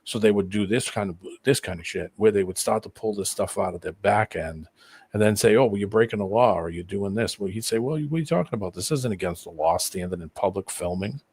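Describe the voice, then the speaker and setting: A man with a low, gravelly, husky voice talks casually as a panel guest. He is wry and slips into little acted-out quotes of people arguing. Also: a little fast, darkish tone. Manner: wry, acts out quoted exchanges. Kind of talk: casual chat.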